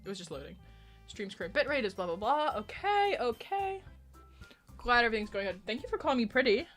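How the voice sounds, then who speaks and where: A woman livestreamer in casual, chatty talk with her viewers as she plays a game, swearing and joking, with sudden shouted outbursts. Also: a little high, sing-song, brisk. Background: faint background music.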